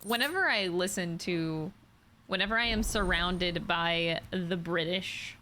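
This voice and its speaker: A woman's voice: lowish voice, a little slow, bright, forceful tone, a little hiss or hum. A young adult woman streaming a game, chatting casually and self-consciously with lots of giggling. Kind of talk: casual gameplay commentary.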